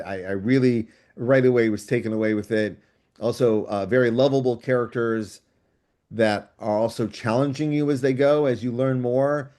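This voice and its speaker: A man, a writer and guest on a book club show, talking over a video call in a casual discussion, enthusiastic and thinking out loud in long digressions. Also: mid-range voice.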